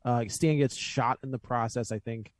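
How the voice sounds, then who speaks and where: A man's voice: mid-range voice, fairly even intonation, moderate pace, dry recording. A man co-hosting a podcast, chatting casually about a film, thinking aloud and laughing along with his partner. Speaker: podcast co-host.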